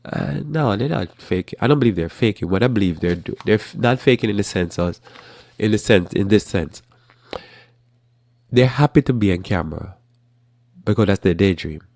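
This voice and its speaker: Deep gravelly man musing on the news. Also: normal speed, no echo. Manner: rambling with restarts, flat matter-of-fact delivery. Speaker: host. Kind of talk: casual religious current-events commentary.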